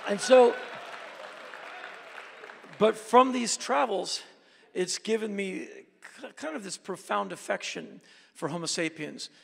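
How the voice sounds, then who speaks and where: A man telling travel stories in an animated monologue, bursting into shouted voices when he quotes people. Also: high voice, takes it slowly, vocal fry, long pauses, slightly rough, long reverb tail, a faint crowd.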